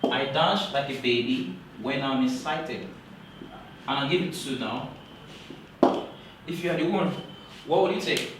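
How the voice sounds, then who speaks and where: A man teaching English grammar in a classroom lecture, talking slowly and repeating key points for emphasis. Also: medium pitch, noisy background. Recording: very echoey room, voice from far off.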